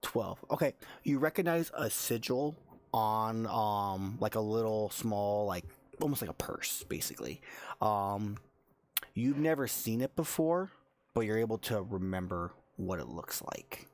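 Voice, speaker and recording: A man narrating as game master in a casual, halting way with many fillers. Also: lowish voice, lively intonation.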